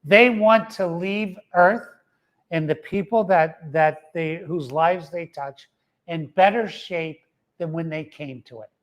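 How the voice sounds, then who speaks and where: A man's voice: fairly high pitch, slow, lo-fi sound. Emphatic middle-aged man giving a motivational talk. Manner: emphatic, repeats key phrases, adds "uh-huh" after his points. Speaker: motivational speaker.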